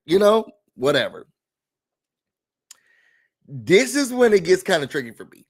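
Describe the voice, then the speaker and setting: A man with a notably high-pitched voice rants through a reality TV recap in a casual, sassy, animated way. He swears freely as he talks. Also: unhurried, long pauses. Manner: animated, sassy, cursing, acts out quotes.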